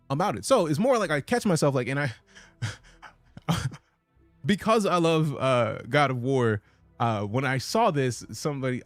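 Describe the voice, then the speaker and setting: A man with a medium-pitched voice streams a game, talking casually and with plenty of swearing as he reads his chat messages aloud. The recording has no room sound.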